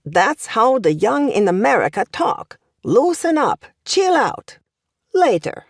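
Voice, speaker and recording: A woman's voice: fairly high pitch, sing-song, slow, vocal fry, no echo, full character voice. Lady doing a wry old guy professor, lecturing, bouncy up-and-down voice, dry sound. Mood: coaxing. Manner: lecturing, amused, coaxing. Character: older male language professor, wry and worldly.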